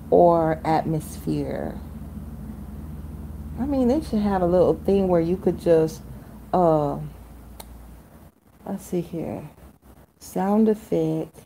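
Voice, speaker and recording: A woman livestreaming who improvises a freestyle song with drawn-out sing-song repetitions, then chats casually. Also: fairly low pitch, vocal fry, dark tone, slight background noise, poor audio. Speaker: livestream host.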